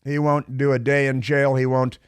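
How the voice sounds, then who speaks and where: A man's voice: medium pitch, level tone, moderate pace, clear, resonant tone, no room sound. Brief: male radio host, sarcastic and rambling, mid-range voice, close dry studio mic. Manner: sarcastic, rambling, many fillers and restarts. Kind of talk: political talk radio monologue.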